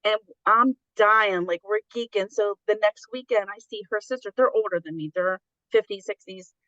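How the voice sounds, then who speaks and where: A woman's voice: mid-range voice, normal speed, fairly bright tone, no echo, highs cut off. A middle-aged woman telling stories candidly in a casual conversation, acting out the voices of the people she quotes. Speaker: guest.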